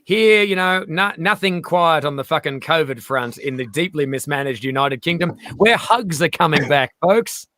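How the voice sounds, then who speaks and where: A man's voice: fairly high pitch, expressive, normal speed, hardly any pauses, pushed and bright, dry recording. Joking Australian man, dry sound. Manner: swearing, joking, storytelling. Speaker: guest. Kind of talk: casual chat.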